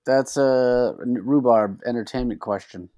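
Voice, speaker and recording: A man's voice: medium pitch, unhurried, warm tone, dry recording, clean studio sound. A man co-hosting a podcast, reading trivia questions aloud in a wry, laid-back way. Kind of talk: casual banter.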